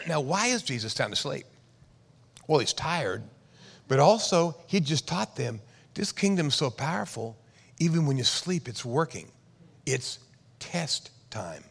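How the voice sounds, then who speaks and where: A man preaching a sermon, swinging from loud bursts to hushed tones and acting out quoted voices. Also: on the high side, big pitch swings, unhurried, creaky, long pauses, slightly rough. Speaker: pastor. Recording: reverberant church hall.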